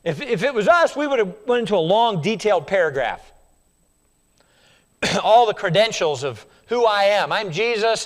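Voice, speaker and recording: A male preacher works through a passage with emphatic repetition and keeps turning questions on his listeners. His voice sits a little high and swings widely in pitch. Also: sing-song, normal speed. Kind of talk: sermon.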